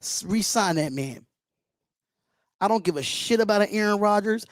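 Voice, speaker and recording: A man's voice: sits high, animated, moderate pace, dry recording, clean studio sound. A man hosting a live fan reaction stream, talking with passion, bluntness and frequent swearing. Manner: impassioned, blunt, swears freely. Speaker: livestream host. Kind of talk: emotional fan reaction livestream.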